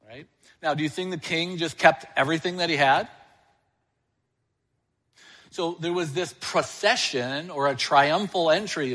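A man's voice: fairly high pitch, a bit bright, in a large hall. A male church elder preaching a sermon, asking the congregation questions and answering them himself.

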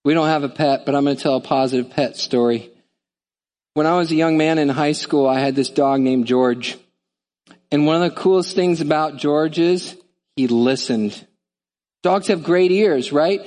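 Brief: a man preaching from the pulpit, lively and conversational, slightly higher-pitched voice. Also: moderate pace, long reverb tail. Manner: animated, conversational, acts out voices. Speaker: pastor. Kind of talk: sermon.

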